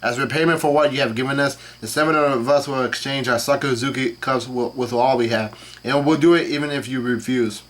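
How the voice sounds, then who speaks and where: A man casually reading a comic chapter aloud and commenting on it, with the dialogue in a flat voice and frequent fillers and self-corrections. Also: medium pitch. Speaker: channel host reacting to a comic chapter.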